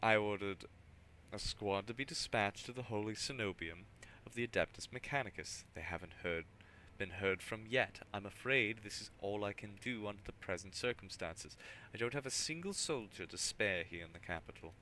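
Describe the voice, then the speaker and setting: Man doing a harried governor, tired and put-upon, deep voice, bright edge. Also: expressive, normal speed, a little hiss or hum. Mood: weary. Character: weary male planetary governor, harried official.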